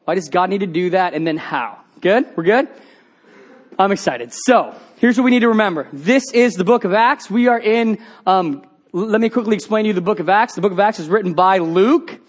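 A man preaching a sermon, telling a story with lively quoted voices. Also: sits high, normal speed. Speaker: pastor.

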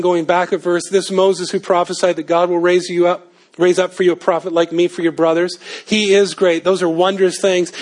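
A man preaching a sermon, animated, rising to emphatic peaks and dropping to low asides. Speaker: pastor.

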